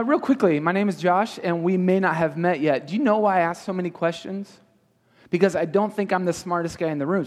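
Leading a youth group, this pastor speaks in a slightly high, darkish voice and engages the audience with many rapid-fire questions. He's in a large hall, and the sound is reverberant.

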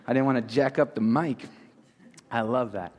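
In a large, reverberant hall, a youth pastor teaches his audience interactively, peppering them with quick questions one after another. His voice is medium-pitched and darkish, the highs are cut off, and there's a bit of hiss or hum.

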